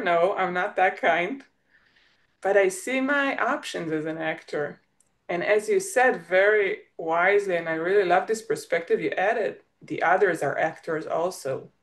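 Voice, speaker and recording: A woman with an Israeli accent speaks English as a second language in a reflective conversation. She often restarts her sentences and searches for words. Her voice sits in an ordinary middle register. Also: mid-range voice. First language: Hebrew. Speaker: guest.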